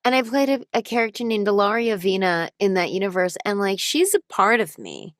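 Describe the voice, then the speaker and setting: A woman's voice: medium pitch, big pitch swings, brisk, no echo, studio quality. Woman voice actor chatting animatedly. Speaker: voice actor guest. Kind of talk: casual interview chat.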